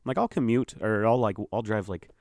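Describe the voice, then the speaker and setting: A man's voice: on the low side, brisk, darkish tone, dry recording, studio quality. A young man hosting a podcast, telling a rambling, profane story in casual monologue. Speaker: podcast host.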